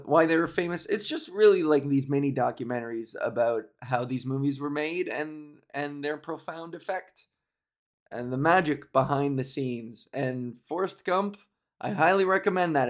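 A male comedian with a slightly higher voice, talking alone in a loose podcast monologue. He wanders from thought to thought, joking and poking fun at himself. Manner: rambling, jokey and self-deprecating. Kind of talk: casual solo podcast monologue.

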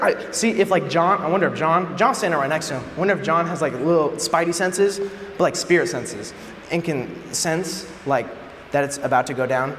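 A man preaching a casual sermon in an animated, joking way, acting out scenes, in an echoey hall with faint background noise. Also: on the high side, brisk. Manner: animated, joking, acts out quotes.

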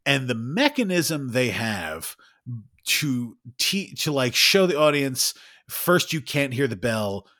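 A man in his thirties co-hosting a podcast, telling an animated, swearing story with lots of laughs. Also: medium pitch, slow pace. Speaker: podcast co-host. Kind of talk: casual chat.

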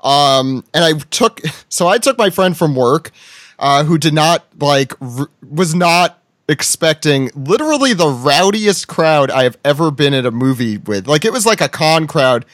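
A man's voice: fairly high pitch, animated, a little slow, a bit bright, dry recording, clean studio sound. Rambling, laughing male podcast host. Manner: rambling, laughs often, swears casually. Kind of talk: casual podcast chat.

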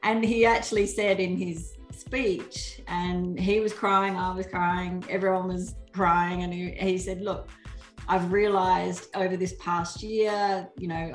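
A middle-aged woman, a podcast guest, telling a personal story in a warm, earnest way and often acting out what people said. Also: on the low side, roomy sound. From Australia. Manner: warm, earnest, laughs often, acts out quoted speech. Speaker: guest author. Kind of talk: casual storytelling in a podcast interview.

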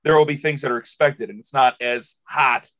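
A man's voice: medium pitch, steady tone, moderate pace, fairly bright tone. A man who hosts a sports radio show, talking casually in a podcast conversation, telling emotional stories that ramble with many restarts.

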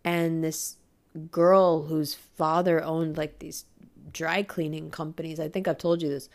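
A woman telling a personal story in a casual monologue, swearing freely and speaking with emphatic, animated energy. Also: sits low, measured pace.

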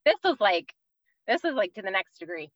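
A woman's voice: mid-range voice, very animated, fairly quick, dry recording, dull audio. A woman from the East Coast of the United States, in her thirties, telling an earnest personal faith story as a podcast guest, with many fillers.

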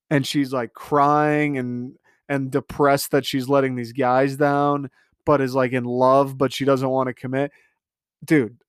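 Young male podcast host, mid-pitch, sarcastic ranting recap full of "like" and swearing, close dry mic. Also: clear, resonant tone, no room sound. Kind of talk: casual solo reality TV recap.

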